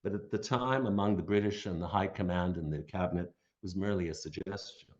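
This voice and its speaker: A man with a fairly low voice delivers a prepared lecture, reading steadily and slipping in dry, sardonic remarks. The recording sounds dull and muffled, like lo-fi audio. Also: brisk. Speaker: guest lecturer. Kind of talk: read history lecture.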